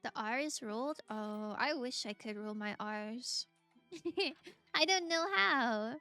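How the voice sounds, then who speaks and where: A woman's voice: fairly high pitch, lively intonation, slow pace, bright, forceful tone, soft background music. A young woman streaming a game, chatting casually with viewers, gushing and giggling often. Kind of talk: casual gameplay chat, reacting to viewers.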